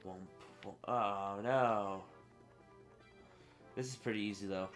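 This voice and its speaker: A man's voice: on the low side, fairly even intonation, takes it slowly, fairly bright tone. A teenage boy giving casual let's play commentary, talking to his viewers, getting frustrated and swearing. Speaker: gaming channel host. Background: game music.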